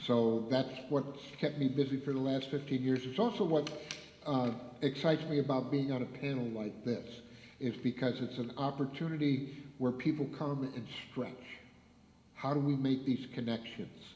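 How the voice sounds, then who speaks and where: A man's voice: mid-range voice, fairly even intonation, moderate pace, warm tone, slight background noise. A man, a pastor, giving a conversational panel introduction with easy fillers. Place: church hall. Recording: echoey hall, slightly dull sound.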